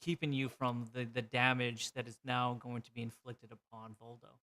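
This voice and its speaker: A man's voice: mid-range voice, level tone, normal speed, sharp tone. A man narrating a tabletop role-playing game as game master, describing scenes vividly with frequent fillers.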